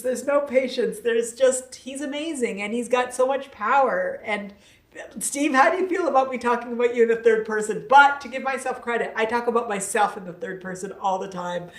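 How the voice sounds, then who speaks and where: Woman, livestream host, casual chat, laughs often, fairly high voice, roomy echo. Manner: chatty, laughing, reads viewer comments aloud. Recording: echoey room, distant mic.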